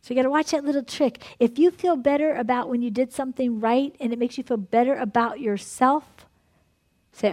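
Lively woman preacher, slightly high voice. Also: a little fast. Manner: lively, laughing often, conversational preaching; drops to a soft, hushed tone in prayer. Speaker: pastor leading a ministry night. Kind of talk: sermon and guided prayer.

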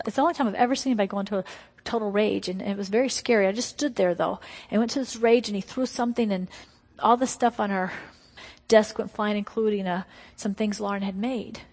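A middle-aged woman preaching a testimony sermon. She tells her story emphatically, sometimes dropping to hushed tones. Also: medium pitch. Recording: long hall reverb.

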